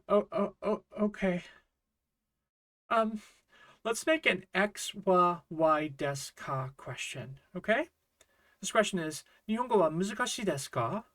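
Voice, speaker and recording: A man with a fairly high voice leads a relaxed online Japanese grammar lesson from a home setup. He explains in a friendly, chatty way, dropping in small fillers and side remarks as he goes. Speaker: Japanese language teacher.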